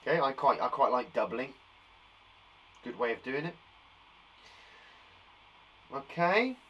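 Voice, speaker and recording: A man's voice: mid-range voice, expressive, slow pace, dull audio, a little hiss or hum. A man from England, a primary school teacher giving a live online maths lesson to young children, playful and encouraging, chatting to viewers by name.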